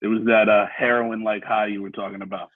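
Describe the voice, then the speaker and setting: Podcast interviewer, man, lowish husky voice, easygoing, narrow phone-like sound. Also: level tone, a little fast, dry recording. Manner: easygoing, brief affirmations, laughs along. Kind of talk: casual interview. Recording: dry, husky, phone-like line.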